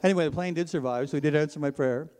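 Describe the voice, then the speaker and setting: A middle-aged man from Ontario, earnestly telling his personal faith testimony to an audience, his voice climbing when he gets excited. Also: a little high, rapid-fire. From Ontario, Canada. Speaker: speaker sharing his testimony. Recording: long hall reverb.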